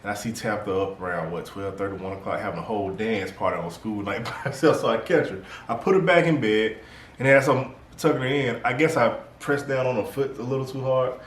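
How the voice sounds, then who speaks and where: A man co-hosting a podcast, relaxed and tired, telling casual family stories with laughs. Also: medium pitch, fairly quick. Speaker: podcast co-host. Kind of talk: casual storytelling. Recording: echoey room, from a distance, faint noise.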